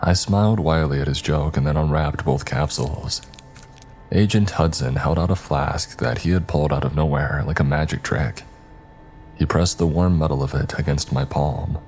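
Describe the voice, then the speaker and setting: Guy with a super deep voice reading a creepy story, steady and even, faint hum behind. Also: normal speed. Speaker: narrator. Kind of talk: scripted narration.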